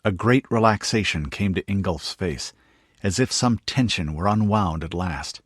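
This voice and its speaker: A man reads a fantasy novel aloud in steady scripted narration. His voice is low and husky. The recording is dry and close. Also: normal speed, no echo. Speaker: audiobook narrator.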